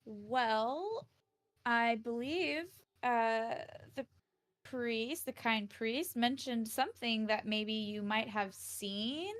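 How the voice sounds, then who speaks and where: Woman player, slightly high voice, gentle and hesitant in-character talk. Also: extremely slow. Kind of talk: in-character tabletop role-play.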